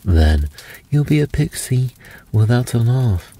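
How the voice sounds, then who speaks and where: A man voicing a grave old white-haired elf fiddler who speaks slowly and solemnly. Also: medium pitch, sing-song, dark tone, breathy edge, voice pushed up, heavily acted. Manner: slow, solemn.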